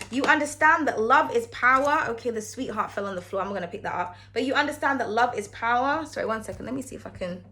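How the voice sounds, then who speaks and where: A woman's voice: fairly high pitch, pushed and bright, a little hiss or hum. A woman giving a casual tarot reading to camera, chatty and frank, cursing freely and calling the viewer darling. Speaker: tarot card reader.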